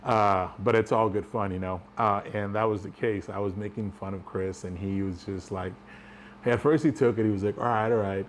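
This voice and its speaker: A man's voice: on the low side, normal speed, a little hiss or hum. A man telling a personal story in a casual, rambling way, chuckling as he goes. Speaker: vlogger.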